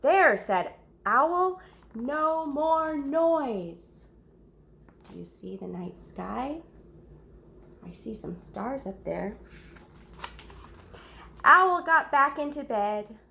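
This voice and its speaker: A woman reading a story aloud to children, pausing to ask the young listeners questions and gasping or whispering for effect. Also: medium pitch, animated, vocal fry, bright, forceful tone.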